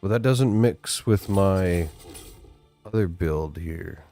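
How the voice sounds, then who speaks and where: A man's voice: low-pitched, slow pace, dark tone, faint music behind. A Canadian man hosting a gameplay video, chatting casually, explaining things and laughing often. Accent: Canadian English. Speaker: gaming channel host.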